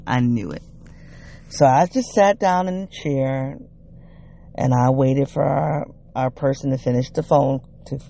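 A vlogger telling a personal family story in a reflective way, retelling what people said in animated quotes, with frequent "you know"s and restarts. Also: mid-range voice, gravelly.

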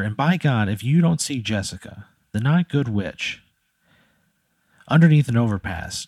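A man's voice: medium pitch, a little mellow, no room sound. A man improvising a comedic hypothetical story, loose and rambling, checking in with "right?" as he goes. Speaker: podcast co-host posing a hypothetical.

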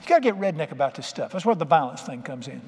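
A man's voice: on the high side, big pitch swings, very fast, darkish tone, breathy edge, long reverb tail. A middle-aged man preaching a sermon, telling stories in a folksy, emphatic way with plain colloquial speech. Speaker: pastor.

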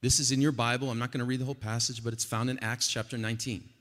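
A man preaching a sermon at a conference, animated and swinging from quiet talk to loud, emphatic passages. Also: mid-range voice, very fast. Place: large conference hall. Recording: long hall reverb.

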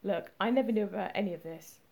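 A woman's voice: mid-range voice, quick pace, vocal fry, darkish tone. A woman reading the part of a male police partner, direct and questioning. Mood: earnest. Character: puzzled male police partner, blunt and curious. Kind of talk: audiobook character reading.

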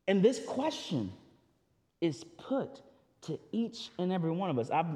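A man's voice: a little high, mellow. A man preaching a sermon as pastor, talking in a loose, conversational way with restarts and asides. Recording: long hall reverb.

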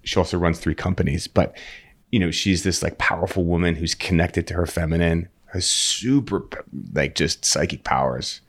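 A man as a podcast guest, telling an earnest, animated story in casual conversation and often repeating words as he restarts a thought. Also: sits low, normal speed.

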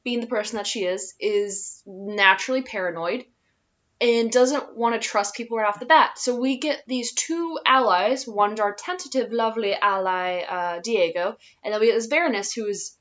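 A woman's voice: medium pitch, normal speed, a bit bright, muffled recording. Rambling woman in her twenties. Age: 20s. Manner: rambling, many fillers, laughs easily. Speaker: player and podcast co-host. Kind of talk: casual podcast chat.

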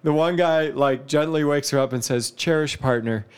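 A man in casual chat, an animated storyteller who laughs often. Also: a little high, normal speed, smooth.

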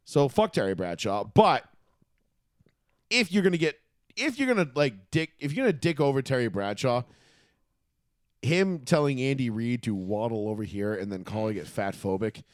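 A man's voice: medium pitch, expressive, normal speed, no echo, clean studio sound. A man co-hosting a casual sports podcast, ranting and cursing, often breaking into laughter. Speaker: podcast co-host.

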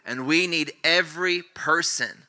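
A man preaching a sermon as pastor, exhorting the congregation with repeated phrases and rising emphatic passages. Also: unhurried. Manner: builds to loud, high-pitched emphatic preaching; repetitive, exhortative phrasing with restarts.

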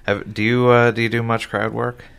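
A man's voice: medium pitch, level tone, moderate pace, gravelly, a bit bright, clear, resonant tone. A man with a Maritime Canadian accent, hosting a casual chat and asking questions in a laid-back, hesitant way. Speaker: podcast host.

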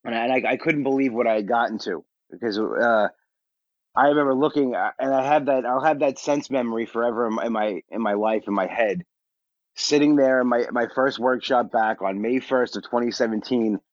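A man's voice: medium pitch, dry recording. Blunt comedian man, dull lo-fi podcast mic. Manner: blunt, self-deprecating, quick to get defensive. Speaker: stand-up comedian and podcaster, guest. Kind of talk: candid podcast storytelling.

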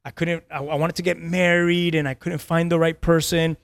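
A pastor in his thirties recounts a personal story on a podcast, recorded in clean, echo-free studio quality. His fairly high voice is flat in delivery at normal speed, and he's earnest, repeating words often and laughing between lines.

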